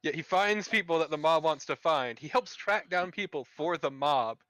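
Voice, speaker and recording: A man's voice: a little high, normal speed, hardly any pauses, a bit bright, no room sound. A man playing his character in a tabletop game, joking crudely and laughing easily. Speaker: player. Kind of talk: casual in-character tabletop chat.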